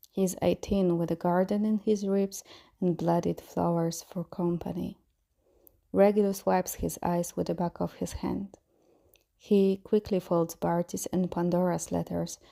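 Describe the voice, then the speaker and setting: A woman narrates a fan-fiction chapter in a steady, soft reading voice. Her tone is low and mellow, with a gravelly, creaky texture. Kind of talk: story reading.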